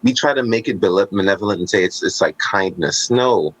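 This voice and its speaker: A man's voice: deep voice, brisk, no echo, rough recording. A man in casual conversation, talking emphatically and thoughtfully about everyday manners.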